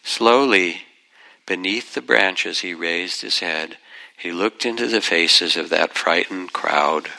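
An older man leads a dharma talk, telling old teaching stories gently and without hurry. His voice sits very low with a gravelly edge. Even so, the tone comes across bright and forward. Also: poor audio. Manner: gentle, unhurried, reflective, softens into asides. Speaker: meditation teacher.

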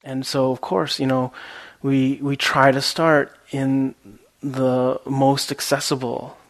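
A man giving a relaxed, rambling meditation talk that mixes a story with teaching and is full of fillers. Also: mid-range voice. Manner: laughs at his own story.

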